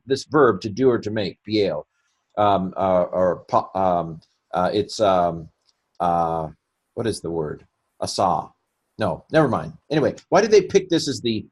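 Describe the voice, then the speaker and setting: Guy giving a grammar lecture, kinda husky, thinks out loud and cracks jokes at himself. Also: fairly low pitch. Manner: chatty and self-mocking, with joking asides; thinks aloud while explaining. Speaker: Hebrew grammar teacher.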